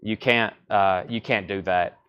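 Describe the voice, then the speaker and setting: A man in his thirties hosting a live-stream record sale, rattling off bids, buyer names and record details in a quick, rambling patter. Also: fairly low pitch, steady tone, clean tone, lo-fi sound.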